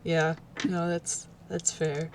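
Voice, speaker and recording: A woman playing a tabletop role-play, talking hesitantly with many pauses and fillers. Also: low-pitched, level tone, slight background noise. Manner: hesitant, lots of ums and trailing off. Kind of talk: casual in-character role-play chat.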